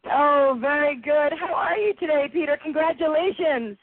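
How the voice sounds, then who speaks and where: A woman hosting a boxing radio show, effusive and quick to laugh. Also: high-pitched, no echo. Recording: tinny phone-like line, dry.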